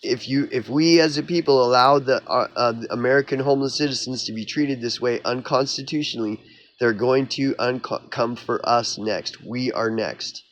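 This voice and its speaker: A man from Oklahoma rants straight to his viewers in a vlog, his tone sarcastic and mocking. He sounds heated and exasperated, and his speaking voice sits at a middling pitch. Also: moderate pace, fairly bright tone. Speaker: YouTuber. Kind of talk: ranting vlog monologue.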